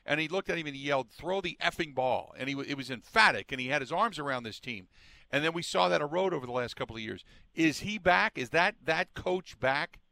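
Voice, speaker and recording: A male sports talk radio host speaking close to a studio mic. His voice is bright and pushing, the room dead dry. He talks in long, conversational questions to his guest. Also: fairly high pitch, lively intonation, quick pace, gravelly, no echo. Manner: conversational, reads sponsor plug then asks long questions.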